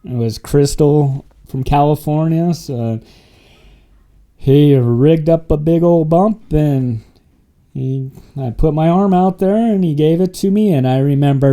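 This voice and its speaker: As an interview guest, a man from Wyoming and Montana, USA, tells his life story in casual conversational fashion. His voice sits on the high side with a dark tone and a measured pace, and he rambles, laughs often, and is full of fillers and restarts.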